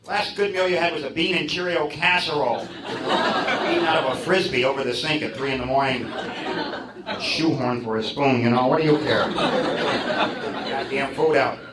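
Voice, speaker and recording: A man's voice: mid-range voice, normal speed, pauses often. A man doing a sardonic, rambling stand-up routine in a comedy club. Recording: echoey club, distant mic, loud crowd noise.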